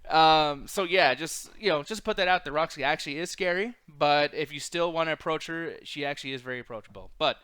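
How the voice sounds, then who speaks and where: A man with a bright, fairly high voice, loud and teasing, swearing freely in casual banter. The recording is dry and close. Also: a little fast, hardly any pauses, smooth, no room sound. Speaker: co-host.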